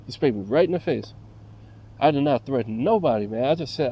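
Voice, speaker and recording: Male vlogger, dark mellow tone, heated profane rant in a car. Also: a little high, animated, brisk, low-quality recording. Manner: profane, agitated storytelling, heavy fillers. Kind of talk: casual rant to camera.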